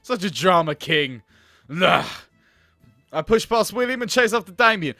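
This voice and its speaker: A man's voice: sits high, very animated, moderate pace, bright, forceful tone, no room sound. A man doing let's play commentary on a game, grumbling, swearing and sarcastic. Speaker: gaming video host.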